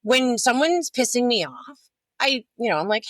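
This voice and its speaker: A woman's voice: a little high, very animated, moderate pace, a bit bright, no room sound. A woman guest on a podcast, candidly telling her story in a blunt, profane way and acting out other people's lines.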